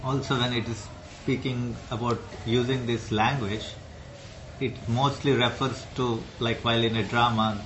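A man, a student in a class discussion, speaking haltingly while he searches for words. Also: mid-range voice, steady tone. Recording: noisy room recording.

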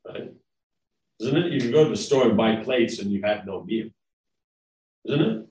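A devotional class lecture comes from a man whose lowish, slightly mellow voice carries lively intonation at a moderate pace. This spiritual lecturer talks in a rambling, conversational manner, checking in with listeners often, recorded roomily on a distant mic.

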